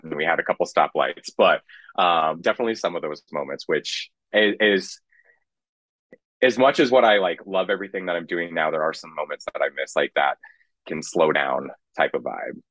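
A young man from Kansas, a guest in a casual interview, speaking in a relaxed way with many fillers. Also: sits low, no room sound.

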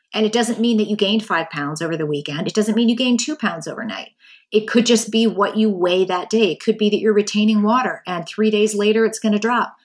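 A woman hosting a solo podcast, talking candidly and acting out the voices in her head. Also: medium pitch. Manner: candid, animated, acts out quoted inner voices. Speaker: podcast host. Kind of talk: casual solo podcast monologue.

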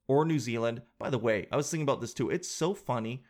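Joking Canadian podcast host. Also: male voice, medium pitch, fast talker. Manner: animated, joking, slangy. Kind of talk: casual podcast chat.

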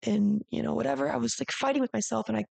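A woman's voice: fairly high pitch, steady tone, fast talker, gravelly, darkish tone, dry recording. A woman hosting a podcast, talking candidly in a rambling, confessional way, full of "like" and casual swearing. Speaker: podcast host. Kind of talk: candid personal monologue.

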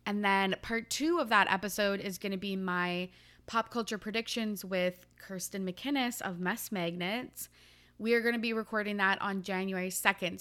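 A woman's voice: lowish voice, sharp tone. A young woman from the Pacific Northwest hosting her podcast, chatty and laughing often, with casual swearing. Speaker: podcast host. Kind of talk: casual chat.

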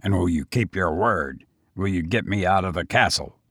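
A man reading aloud and voicing a distrustful male brigand who escapes from a castle, speaking low and hushed. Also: normal speed, slightly rough, no room sound, clean studio sound. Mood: scheming.

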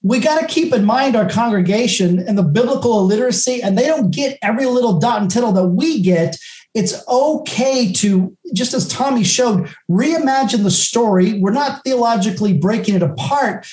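A man's voice: very high-pitched, lively intonation, normal speed, darkish tone. A man on a panel giving earnest, encouraging advice to preachers. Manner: earnest and encouraging, with many restarts. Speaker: speaker and video maker. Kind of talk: casual panel chat. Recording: roomy echo.

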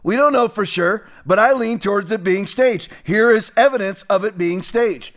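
Emphatic high-voiced male commentator. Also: normal speed, a bit bright. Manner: emphatic, repeats phrases for emphasis. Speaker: political commentary host. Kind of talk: opinionated political commentary.

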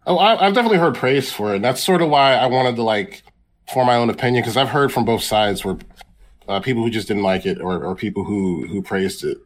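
A man's voice: medium pitch, lively intonation, a little fast. A man co-hosting a podcast, replying casually and hesitantly about movies, with some stammering. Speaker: podcast co-host. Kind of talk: casual film discussion.

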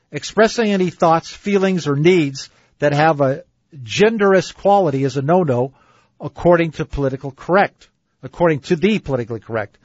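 Opinionated husky-voiced male radio host. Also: fairly high pitch, no echo, muffled recording. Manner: opinionated, reads book passages and argues against them. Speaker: dating advice radio host. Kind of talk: radio talk show commentary.

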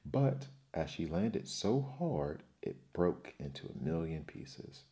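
A man narrating a children's fairy tale in an expressive, measured storytelling manner. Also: low voice.

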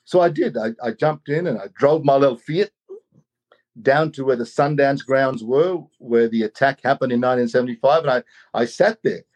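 Animated man telling a story. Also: medium pitch, moderate pace, dull audio. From Australia. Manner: animated, acts out quoted voices, many "you know"s. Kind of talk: personal storytelling.

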